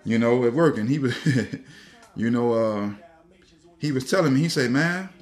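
Guy ranting and cracking up over a story, swears a lot, rambles, mid-pitch voice, bit of music under him. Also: unhurried. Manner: profane, laughing, rambling, repeats himself. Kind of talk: casual storytelling rant.

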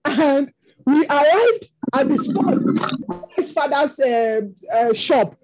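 A woman's voice: high-pitched, expressive, slow, background noise. A Nigerian woman preaching a sermon, telling stories that rise into impassioned exclamations. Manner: storytelling, rising to impassioned exclamations.

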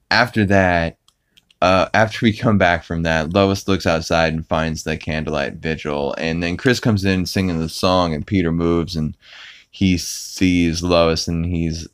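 Rambling through a cartoon episode recap, this podcast host leans on fillers and does put-on impressions when quoting characters. He has a low, smooth voice and a casual manner.

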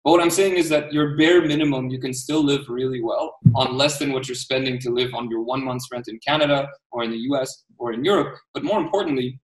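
A man's voice: medium pitch, a little fast, few pauses, far from the mic. A diaspora Armenian man, a guest entrepreneur in an interview, talking with passion and emphasis and often repeating words. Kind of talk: casual interview talk. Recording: roomy, off-mic sound.

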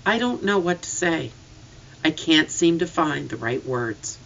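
A reader voicing a gentle, tender farm mother. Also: medium pitch, animated, moderate pace, a little hiss or hum. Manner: soft, comforting. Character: gentle rural mother, middle-aged, tender and patient. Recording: slightly distant, dull lo-fi.

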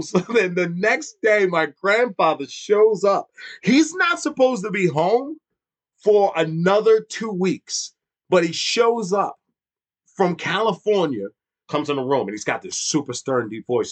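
A man's voice: high voice, very animated, unhurried. A man in his thirties telling a funny childhood story in casual chat, swearing freely and laughing often. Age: 30s.

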